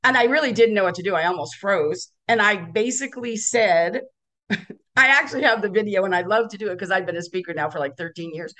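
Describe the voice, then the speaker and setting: A woman being interviewed as a guest speaker, telling stories in an animated way and acting out the people in them. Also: mid-range voice, a little fast. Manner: animated, acts out the voices in her stories. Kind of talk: casual interview storytelling.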